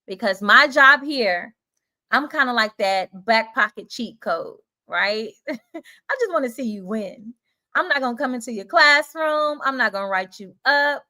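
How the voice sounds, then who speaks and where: A woman's voice: on the high side, sharp tone. A woman with a Southern US accent, hosting a live stream for teachers in a chatty, encouraging way and reading out viewer comments. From Southern United States.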